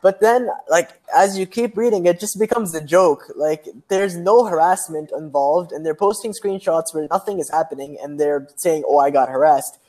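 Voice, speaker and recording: A man's voice: high-pitched, moderate pace, few pauses, a little mellow. A young man from Pakistan, a university student, telling a story in casual chat, acting out quotes. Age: young adult. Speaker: guest.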